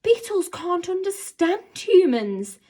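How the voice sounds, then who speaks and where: A woman voicing an excitable, dramatic young girl in a storybook reading, with squealing, wide-eyed exclamations. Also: high voice, slow pace, pitched above the performer's own voice, exaggerated voice. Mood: wondering.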